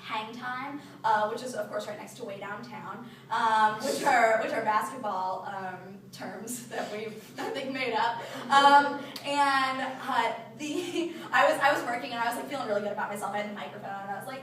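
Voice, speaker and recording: Young woman from ohio rambling thru a funny story, self-mocking, bit high voice, echoey room, people around. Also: moderate pace, background noise. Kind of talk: casual storytelling to a small group. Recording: roomy, distant mic, crowd chatter.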